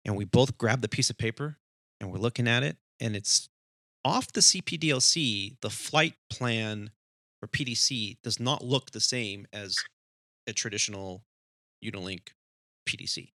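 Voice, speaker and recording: On his aviation podcast, a pilot co-host relaxes into a cockpit anecdote, animatedly voicing each character. He has a lowish voice and a moderate pace. The sound is clean studio audio without any room sound.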